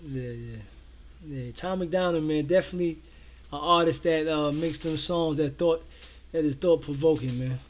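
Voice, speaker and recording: A high-voiced man chats easily with his viewers, full of slang and strings of yeah, yeah. His talk is loose and relaxed, the style of a casual livestream co-host. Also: normal speed. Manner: laid-back, slangy, many repeated fillers. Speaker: co-host of a reaction show.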